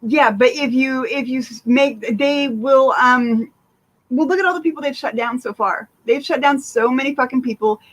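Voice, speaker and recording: A woman's voice: sits high, normal speed, poor audio. A woman hosting a casual livestream, swearing freely and rambling with many fillers while answering viewer chat. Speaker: livestream host.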